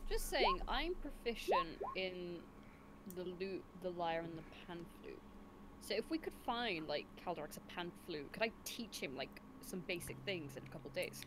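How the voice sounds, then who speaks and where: A woman's voice: on the low side, animated, moderate pace, crowd noise. A woman playing a tabletop game, bantering playfully and laughing often. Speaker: player. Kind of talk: casual tabletop game chat. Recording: noisy home recording.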